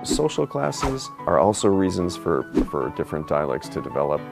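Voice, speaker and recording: Very deep gravelly guy calmly explaining how vowels work. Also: music in the background. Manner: measured, explains with examples. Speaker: linguist explaining dialects. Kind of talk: explanatory talk.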